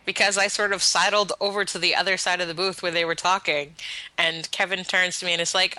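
A woman game developer chatting on a podcast, telling excited stories in a bubbly way. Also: fairly low pitch, fairly quick, no room sound, rough recording. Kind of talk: casual podcast chat.

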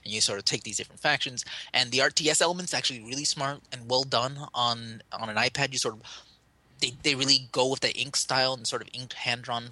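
A man's voice: medium pitch, steady tone, fast, sharp tone, dry recording. A man co-hosting a podcast, chatting casually about games in a rambling, enthusiastic way and often correcting himself. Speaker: podcast co-host.

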